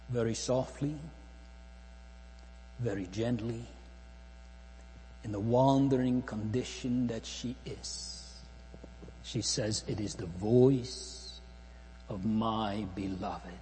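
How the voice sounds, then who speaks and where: Slow, dark-voiced man preaching in a hall. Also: medium pitch. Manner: slow, solemn preaching with long pauses, swelling and dropping to near-whisper. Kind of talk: sermon. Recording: long hall reverb, faint mains hum.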